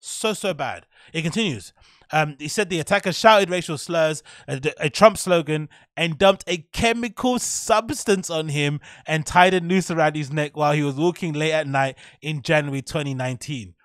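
A man's voice: fairly high pitch, moderate pace, a bit bright, no room sound, clean studio sound. A man hosting a solo podcast, ranting sardonically about celebrity news with mocking laughs. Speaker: podcast host. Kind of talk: solo commentary on news and gossip.

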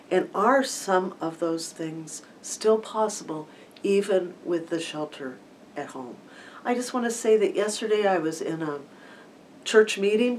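A middle-aged woman minister with a lowish voice shares a reflective message. She talks in a thoughtful, unhurried way, pausing often. She sits a little back from the mic, with a faint hiss behind her. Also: far from the mic, poor audio. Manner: thoughtful, unhurried storytelling with pauses and fillers.

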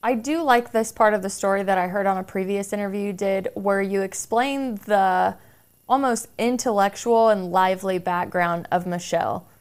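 A woman's voice: medium pitch, moderate pace, clear, resonant tone. A woman hosting a podcast, asking a guest questions in a casual, chatty way, often saying "like". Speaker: podcast host. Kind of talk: casual interview chat.

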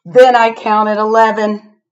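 A woman reading a picture book aloud to children in an animated way, inviting them to spot things, recorded on a laptop webcam. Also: mid-range voice, takes it slowly, dull audio. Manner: animated, asks the listener to find things. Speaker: storybook reader.

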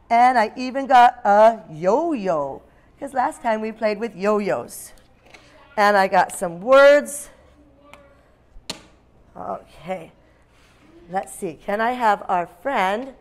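A woman teacher leading a phonics lesson for young children, speaking in an animated, sing-song way and breaking into dramatic shouts. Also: mid-range voice.

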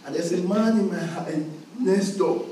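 Brief: male pastor, very high voice, fervent shouted preaching, boomy reverberant hall, mic distant. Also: moderate pace. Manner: preaching with shouted call-and-response surges. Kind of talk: sermon. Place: church hall. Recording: echoey hall, mic far off, faint noise.

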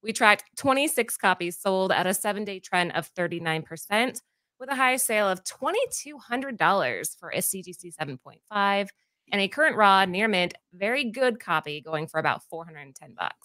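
A woman's voice: mid-range voice, expressive, moderate pace, bright, forceful tone, no room sound, clean studio sound. Woman co-host reading notes. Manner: reads steadily from notes, stumbles on names. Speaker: podcast co-host. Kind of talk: reading a scripted segment.

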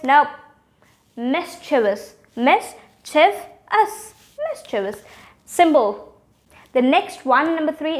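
A young woman with a high voice hosts a casual pronunciation lesson. She talks at an unhurried pace, quizzing the listener and drawing out each example word as she demonstrates it. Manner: drawn-out, repeated demonstration of word sounds with quizzing questions. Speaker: channel host and pronunciation teacher.

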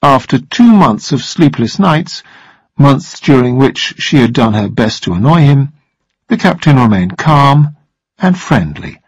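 A man narrating a story aloud for English listening practice, with a measured, expressive delivery. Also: mid-range voice, breathy edge, dry recording, muffled recording.

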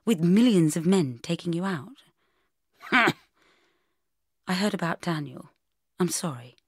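An awkward, reserved man fumbles through his lines, clipped and a little cross, voiced by a woman reading an audiobook. The voice sits low yet swings widely in pitch, heard in a dry, close recording. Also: lively intonation, slow pace, husky, no echo, heavily acted. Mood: earnest. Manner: hesitant, clipped, rather cross. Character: awkward, reserved grown man, stiff and earnest.

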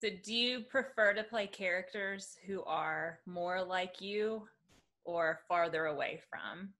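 Bright, low-voiced woman podcast host. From southern United States. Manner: chatty, with lots of "like" and quick laughs. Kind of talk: casual interview chat.

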